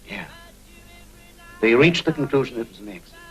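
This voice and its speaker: An actor playing a cool, needling private eye in a 1950s crime film, dry and sardonic. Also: male voice, medium pitch, expressive, fairly quick, a bit bright, soft background music, natural voice, poor audio.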